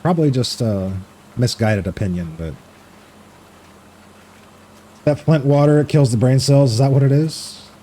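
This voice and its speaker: A man's voice: mid-range voice, moderate pace, mellow, a little hiss or hum. A man streaming a farming game, chatting casually, reading chat aloud, swearing freely and laughing easily.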